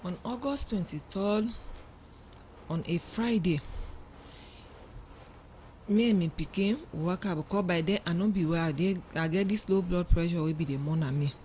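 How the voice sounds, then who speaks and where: A woman's voice: fairly low pitch, moderate pace, pauses often, slight background noise. A woman with a Sierra Leonean Krio accent, a mother telling her story as a guest on a radio program and acting out what others said. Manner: animated storytelling, acts out quoted dialogue. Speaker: mother of a young girl, guest. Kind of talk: emotional first-person account on radio. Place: radio studio.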